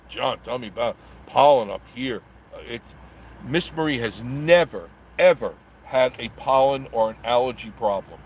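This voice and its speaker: A man's voice: mid-range voice, a little hiss or hum. A middle-aged man hosting a casual live stream, reading viewer comments aloud and rambling through jokey banter with frequent chuckles.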